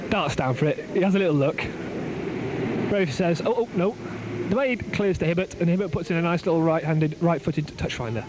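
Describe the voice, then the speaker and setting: A man commentates on a rugby match from the side of an outdoor ground, his voice sitting high. He gets excited as play builds and drops in joking asides. The amateur recording is full of outdoor and traffic noise. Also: brisk.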